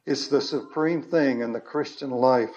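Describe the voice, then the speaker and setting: A man preaching a sermon as pastor, slow and earnest with emphatic stresses. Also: mid-range voice, darkish tone, dull audio.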